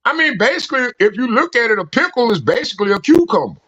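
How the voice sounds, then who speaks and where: A man chatting casually as a caller on a live call-in stream, telling animated stories, laughing and acting out voices. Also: very high-pitched, fast, husky, no echo, lo-fi sound. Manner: animated storyteller, laughs a lot, acts out voices. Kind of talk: casual banter. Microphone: remote call audio.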